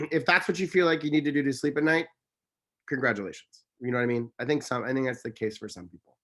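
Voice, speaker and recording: A man's voice: mid-range voice, quick pace, a bit bright. Earnest, emphatic man in conversation. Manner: rambling, self-correcting. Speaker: interview guest. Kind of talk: casual conversational storytelling.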